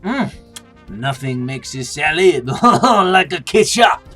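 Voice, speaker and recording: A man's voice: a little high, very animated, takes it slowly, a bit bright, husky, soft background music. Sarcastic man mocking reviews. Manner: sarcastic, mocking, swings into silly voices. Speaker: comedian reading reviews. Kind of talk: comedic review reading.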